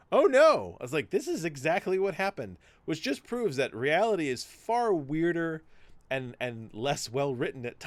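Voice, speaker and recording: A man's voice: mid-range voice, no room sound. A male podcast host chatting casually and retelling a TV story, acting out the dialogue and swearing freely. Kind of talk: casual chat, retelling a TV show.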